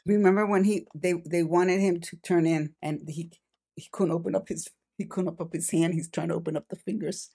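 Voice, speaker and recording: A woman's voice: fairly low pitch, fairly even intonation, brisk, gravelly, dark tone, slightly rough. A middle-aged woman, mother of one of the hosts, gushing enthusiastically in a casual review chat. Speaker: panelist, mother of a co-host.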